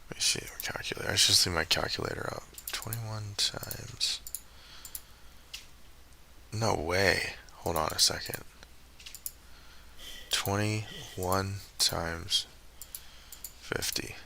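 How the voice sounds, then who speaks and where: Deep gravelly guy streaming, slow muttery talk, kinda grumbly to himself. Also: fairly even intonation, sharp tone, slight background noise. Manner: muttering, frustrated, talks to himself. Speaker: live streamer. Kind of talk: casual live-stream commentary while playing.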